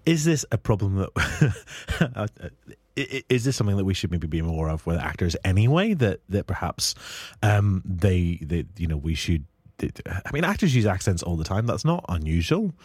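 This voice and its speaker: A man's voice: sits low, moderate pace, husky, dry recording. Brief: Northern Irish male host, joking through a film chat, close dry mic. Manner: jokey, animated, lots of fillers. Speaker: podcast host. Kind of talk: casual film discussion.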